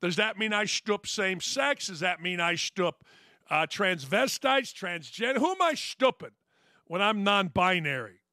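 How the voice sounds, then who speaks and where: A man's voice: sits high, animated, unhurried, bright, forceful tone, no echo, clean studio sound. A middle-aged man hosting a sports talk show, ranting bluntly and sarcastically and mocking his critics. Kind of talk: opinionated sports talk rant.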